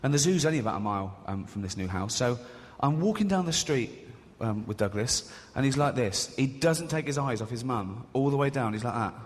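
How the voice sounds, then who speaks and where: A man's voice: mid-range voice, lively intonation, fairly quick, few pauses. A middle-aged man doing a stand-up comedy routine, telling crude, sarcastic, self-mocking stories to a theatre audience. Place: large theatre stage with audience. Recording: live hall recording with loud audience. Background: audience laughter.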